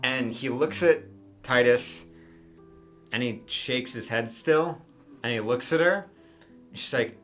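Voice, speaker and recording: Guy gm narrating a tabletop game, bright voice, tons of um and like, bit of soft music. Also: mid-range voice, slow, long pauses. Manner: rambling, many fillers like "um" and "like". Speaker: game master.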